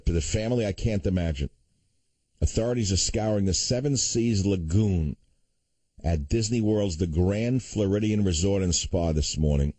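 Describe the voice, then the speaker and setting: A man's voice: sits low, dark tone, no room sound. Indignant older male radio host. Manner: indignant, sarcastic, swings between outrage and somber. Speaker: radio talk show host. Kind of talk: talk radio monologue. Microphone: studio microphone.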